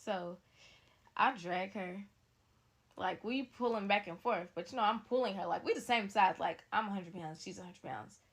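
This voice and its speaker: A woman telling a story to her viewers in a sassy, animated way. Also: mid-range voice, moderate pace, husky. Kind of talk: casual storytime narration.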